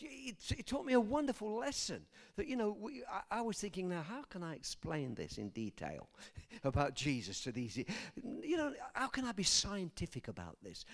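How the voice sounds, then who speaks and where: An older man preaching a sermon, telling personal stories and swinging from soft asides to loud emphasis. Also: high-pitched, very animated, moderate pace.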